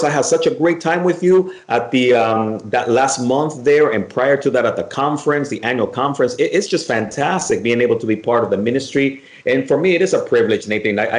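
A man hosting a religious radio show and chatting with his co-host, enthusiastic and friendly. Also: mid-range voice. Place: Miami area. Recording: roomy echo.

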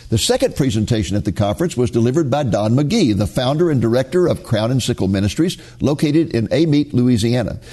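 Husky-voiced male ministry program host. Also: medium pitch, dark tone. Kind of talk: scripted program introduction.

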